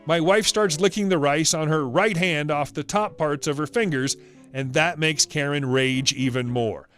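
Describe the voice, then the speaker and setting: A man in scripted narration, reading out a story with a brisk storytelling manner. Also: a little high, a bit bright, soft background music.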